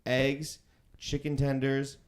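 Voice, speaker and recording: A man's voice: mid-range voice, monotone, slow, slight background noise. A man co-hosting a podcast, telling rambling stories in casual chat and swearing freely. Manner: rambling storyteller, swears a lot. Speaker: podcast co-host.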